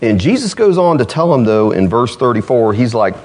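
Husky-voiced man preaching with lively swings. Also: mid-range voice, fairly quick, few pauses. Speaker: pastor. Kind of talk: sermon.

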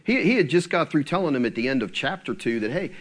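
Man preaching a conversational sermon. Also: very animated. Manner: conversational, asks the listeners questions; drops to a low, slow tone for scripture.

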